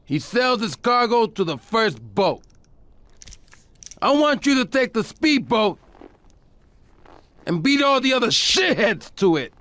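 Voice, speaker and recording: A man's voice: very high voice, very animated, fairly bright tone, no room sound, exaggerated voice. An actor playing a theatrical, hot-tempered male crime boss with explosive outbursts. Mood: commanding. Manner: explosive outbursts, drawn-out speech.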